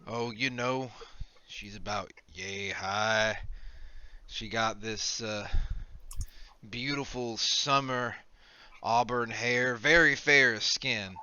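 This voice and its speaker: A man's voice: medium pitch, takes it slowly, sharp tone, clear, resonant tone. A man playing a shady male debt collector who talks in a wheedling, offhand patter. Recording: dull lo-fi mic.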